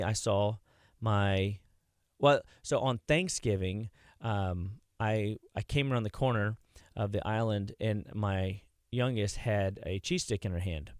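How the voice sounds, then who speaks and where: Chatty man with a low voice. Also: clean tone, dry recording, clean studio sound. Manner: chatty, rambling anecdotes with many restarts. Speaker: health clinic practitioner, radio guest. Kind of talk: casual radio interview storytelling. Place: radio studio.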